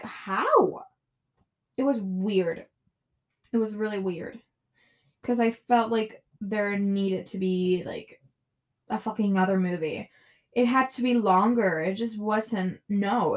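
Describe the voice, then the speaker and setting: Slow-talking young woman podcasting. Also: medium pitch. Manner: ranting, frequent cursing, lots of "like" fillers. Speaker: podcast host. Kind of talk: casual solo podcast chat.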